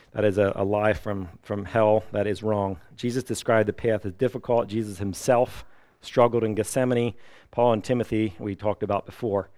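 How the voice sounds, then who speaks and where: A middle-aged man preaching a sermon, lively and emphatic, now and then acting out the people he quotes. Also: lowish voice, dry recording, clean studio sound. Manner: animated preaching, acts out quoted voices. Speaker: pastor.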